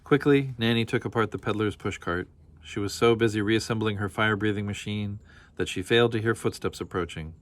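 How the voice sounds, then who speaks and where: A man reading a children's storybook aloud with steady, expressive storytelling. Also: on the low side, a little fast. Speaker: storybook reader.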